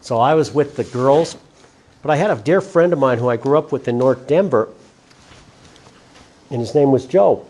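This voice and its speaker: A man's voice: medium pitch, expressive, normal speed, long pauses, darkish tone. A middle-aged man, speaking earnestly as a guest speaker telling personal stories to a class. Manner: earnest storytelling, quotes others. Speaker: guest speaker, former school principal.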